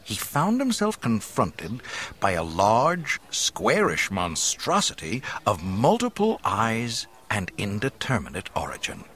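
A man narrating an adventure story aloud in an expressive, dramatic reading style. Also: on the low side, slow pace. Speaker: audiobook narrator. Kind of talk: scripted narration.

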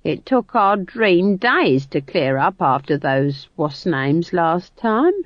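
A woman's voice: lowish voice, lively intonation, slow pace, dry recording, pitched above the performer's own voice. A woman doing a folksy old granny witch. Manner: folksy, rustic grammar. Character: homely chatty old female witch, mischievous grandmother. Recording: dull dry studio read.

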